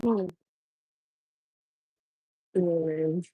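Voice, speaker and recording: A woman's voice: on the low side, very slow, no echo, narrow, tinny audio. Profane laid-back woman chatting on stream. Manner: loose, profane, laughing, talks back to chat. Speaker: trucker livestream host. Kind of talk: casual livestream chat.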